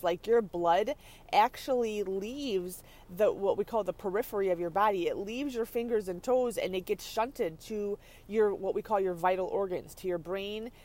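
A woman podcast host giving an energetic, chatty motivational teaching talk from her parked car. She laughs often and keeps checking in with her listeners. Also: mid-range voice. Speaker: podcast host and leadership coach. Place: parked car on a rainy day.

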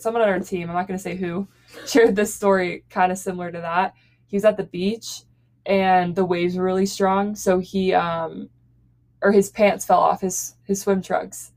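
In a casual podcast conversation, a young woman co-host with a medium-pitched, darkish voice recounts embarrassing stories. She giggles often and leans heavily on "like" as a filler.

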